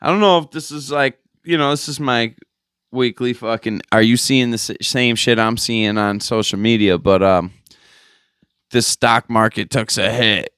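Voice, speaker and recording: A man's voice: medium pitch, steady tone, moderate pace, fairly bright tone, clean tone, dry recording, studio quality. A young man hosting a podcast, ranting casually with lots of swearing and exasperation. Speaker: podcast host. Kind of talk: profane casual rant.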